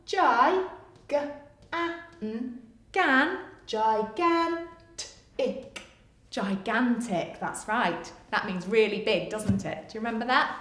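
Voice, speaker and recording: A woman, a primary teacher who reads a picture book aloud in a sing-song way and then gives a coaxing phonics lesson to young children. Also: on the high side. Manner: animated, sing-song storytelling, coaxing and encouraging. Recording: echoey room.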